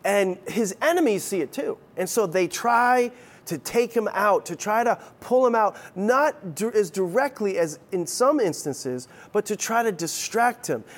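A man's voice: high voice, animated, unhurried. A middle-aged man preaching a sermon as pastor, conversational and playful, with frequent restarts.

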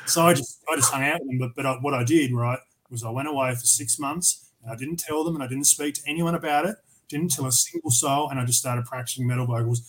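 An Australian man of average pitch talks as a guest on a podcast. He tells loose, rambling stories, swears often and restarts his sentences. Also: fast, few pauses, a bit bright, a little hiss or hum, poor audio. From Tasmania, Australia. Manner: profane, rambling anecdotes with many restarts. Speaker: podcast guest, metal vocalist. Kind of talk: casual storytelling interview.

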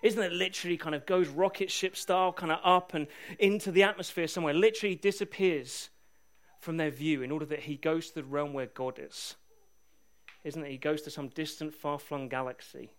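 High-voiced preacher telling stories. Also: male voice, fairly quick. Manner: lively storytelling, humorous. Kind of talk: sermon.

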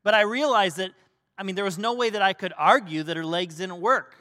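A middle-aged male pastor preaching a sermon, telling a family story and swinging from loud emphasis to soft, hushed tones. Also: high-pitched, fairly quick. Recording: long hall reverb.

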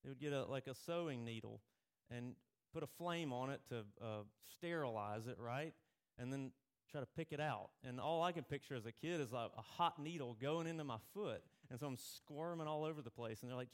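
A man's voice: mid-range voice, brisk, clean tone. A male pastor preaching a sermon in a conversational way, telling personal stories.

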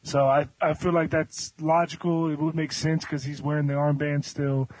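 Male panelist, husky, a bit high, confident step-by-step talker. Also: little pitch movement, moderate pace, darkish tone, no echo, low-quality recording. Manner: confident, laying out reasoning step by step. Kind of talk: casual chat, wrestling predictions.

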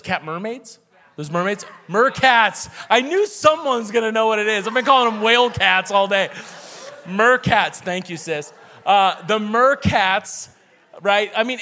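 A man's voice: high-pitched, sharp tone. A young man preaching a sermon and leading prayer in an earnest, conversational way.

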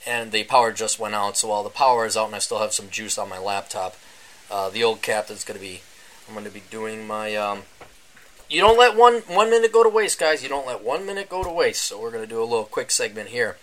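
A man hosting a casual solo podcast, rambling and sarcastic, often mocking other people in a high voice. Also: bright, forceful tone. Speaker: podcast host. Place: indoors during a power outage.

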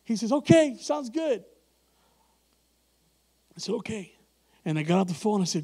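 A man preaching in an animated way, his voice sitting high for a man. He acts out the people in his story and breaks into laughs as he goes. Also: moderate pace, pauses often, slightly rough. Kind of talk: sermon storytelling.

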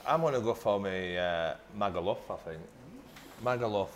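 A man's voice: on the low side, moderate pace, slight background noise. A man, a former footballer guesting on a podcast, blunt and full of banter. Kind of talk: casual chat.

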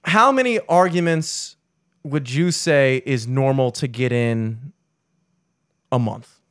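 A young man hosting a podcast, telling stories in a rambling, animated way with plenty of swearing. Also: mid-range voice, slow pace, no room sound, studio quality. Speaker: podcast host. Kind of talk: casual chat.

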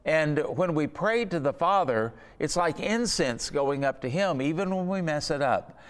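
A man's voice: fairly high pitch, long reverb tail. A man preaching a sermon, earnest and conversational, asking the listeners questions. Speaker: pastor.

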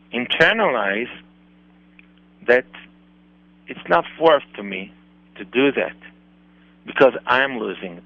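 Israeli man, Hebrew native, radio rabbi giving advice; unhurried, halting delivery with fillers, dry and muffled broadcast sound. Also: medium pitch, creaky, sharp tone, no room sound. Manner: slow, deliberate, halting with many fillers. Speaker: rabbi answering listener questions.

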